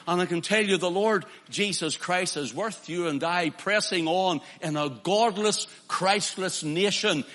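A man's voice: high-pitched, unhurried, few pauses, fairly bright tone, big-room sound. A man preaching a sermon with impassion, building to emphatic declarations.

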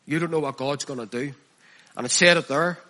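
A man preaching a sermon, reading scripture aloud and expounding it with passion, his voice dropping hushed and then rising loud. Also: on the high side, fairly quick. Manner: impassioned, swinging from hushed to loud.

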